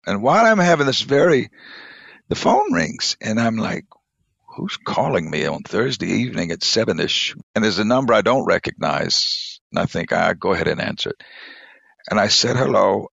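A man, a church bishop, telling an emotional personal testimony in conversation, his voice dropping low and soft at the moving moments. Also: sing-song, moderate pace, vocal fry, husky, no room sound. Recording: dull lo-fi dry sound.

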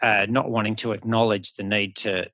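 A man's voice: on the low side, fairly even intonation, normal speed, sharp tone, dry recording, lo-fi sound. A middle-aged Australian man, a health coach, talking bluntly and animatedly in a casual podcast conversation, swearing freely.

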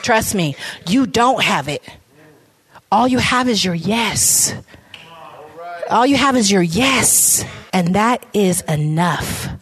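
A woman's voice: mid-range voice, lively intonation, slow pace, fairly bright tone. A middle-aged woman giving an impassioned faith testimony to an audience, often repeating phrases for emphasis. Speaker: ministry founder speaking to an audience. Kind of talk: testimony talk.

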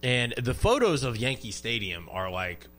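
Jokey man co-hosting radio banter. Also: mid-range voice. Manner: jokey, energetic, quick quips. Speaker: radio show co-host. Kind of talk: casual banter.

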